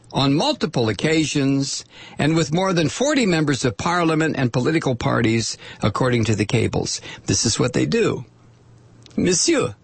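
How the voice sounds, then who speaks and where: A man hosting a political talk radio show, delivering a sarcastic, animated monologue and reading listener messages. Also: a little high, husky, dry recording. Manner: sarcastic, animated, mock voices for quoted people.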